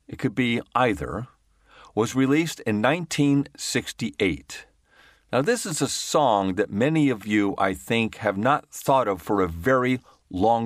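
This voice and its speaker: A man's voice: fairly low pitch, no room sound, clean studio sound. A man hosting a show, introducing a song with a conversational, storytelling delivery. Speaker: radio show host.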